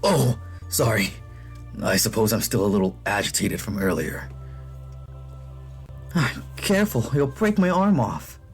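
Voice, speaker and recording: A man's voice: lowish voice, big pitch swings, a little slow, long pauses, soft background music. A man voicing a nervous, proud young royal guard in a game, speaking stiffly and stammering when flustered. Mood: apologetic.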